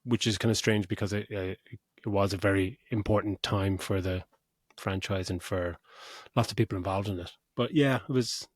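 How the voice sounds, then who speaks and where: A man's voice: fairly low pitch, steady tone, normal speed, dry recording, studio quality. A man co-hosting a casual podcast film review, talking loosely, swearing and laughing often. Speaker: podcast co-host.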